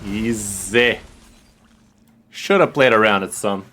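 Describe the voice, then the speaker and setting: A man streaming a card game, giving excitable, trash-talking and profane casual gameplay commentary. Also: fairly low pitch, a little slow.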